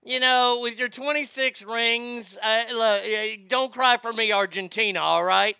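A man hosting a casual morning live stream, reading out chat messages with loud, animated swearing. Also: extremely high pitch, a little slow, vocal fry, clear, resonant tone, dry recording, clean studio sound.

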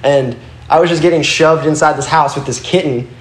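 A man's voice: on the high side, fairly even intonation, a little fast. A young man and guest skateboarder telling loose, rambling stories in casual chat, swearing and saying "like" a lot. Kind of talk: casual storytelling. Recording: roomy echo.

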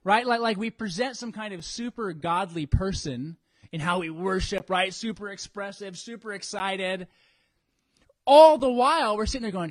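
A man preaching a sermon in an animated way, acting out what people think in church. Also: high voice, moderate pace, no room sound. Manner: animated, acts out congregants' inner voices. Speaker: pastor.

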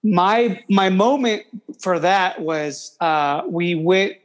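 A man, a guest on a casual podcast, who talks haltingly and restarts his phrases. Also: sits high, fairly even intonation. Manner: halting, with many fillers and restarts. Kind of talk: casual chat.

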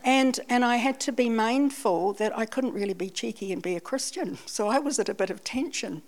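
A woman's voice: on the high side, brisk. Scottish lady preaching, chatty and self-mocking, tells it like a story. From Scotland. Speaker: church speaker. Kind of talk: sermon with personal testimony.

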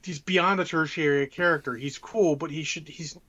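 A man's voice: fairly high pitch, fairly even intonation, normal speed, bright, forceful tone, highs cut off. Blunt, profane man ranting. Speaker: podcast co-host. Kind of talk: casual chat.

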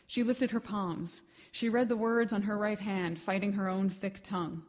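A woman reads her own fiction aloud at a live literary event. She tells it in a measured, expressive way, at a middle pitch for a woman. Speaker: writer reading her fiction. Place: reading event.

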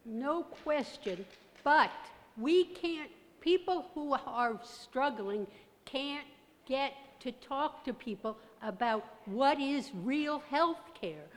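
A woman's voice: high-pitched, expressive, slow. A woman in the audience at a public talk asking a question, insistent and persistent. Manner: insistent, persistent, keeps the floor. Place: large church hall. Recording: reverberant church hall.

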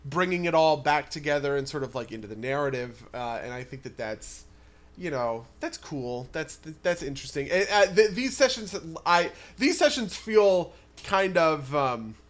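A man game master talking over a tabletop campaign in casual chat, halting and searching for words. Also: on the high side, expressive.

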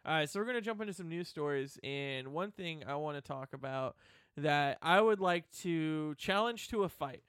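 A man hosting a rock radio show, talking fast and teasing his co-host. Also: fairly high pitch, lively intonation, a bit bright, smooth, no echo, studio quality. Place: radio studio.

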